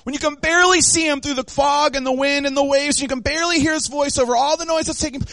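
A man preaching a sermon in an animated way, acting out the voices of the people in the story. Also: very high voice, fast, creaky, no echo. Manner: animated, acts out voices of the disciples and of God.

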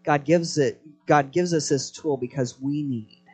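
A man's voice: on the high side, a little slow, darkish tone, slightly rough. A man preaching a live sermon to a congregation, telling stories with energy and prompting the crowd to respond. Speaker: pastor.

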